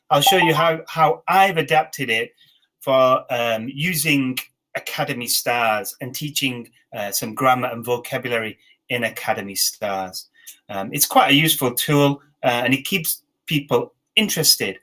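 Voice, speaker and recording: Slow, bright-voiced English teacher trainer. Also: male voice, mid-range voice, soft background music, rough recording. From England. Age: 40s. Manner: slow, clear dictation with encouraging feedback. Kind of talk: online teacher training session.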